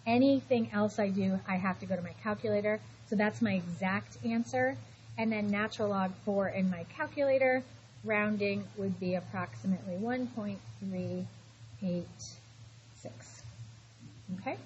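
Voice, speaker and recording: A woman's voice: mid-range voice, moderate pace, a little mellow. A middle-aged woman teaching math in a classroom, patient and reassuring, stopping to talk students through every step. The recording is a little dull, with a faint hiss underneath. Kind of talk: classroom lecture.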